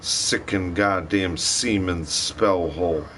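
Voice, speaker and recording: Angry, slow-talking man ranting on a livestream. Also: low-pitched, fairly bright tone, a little hiss or hum. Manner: angry, profane, repetitive. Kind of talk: rambling livestream rant.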